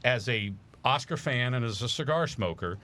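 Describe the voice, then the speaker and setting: A man's voice: medium pitch, animated, normal speed, sharp tone. A man talking casually on a podcast as a guest, telling an enthusiastic story with lots of fillers. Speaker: charity founder guest.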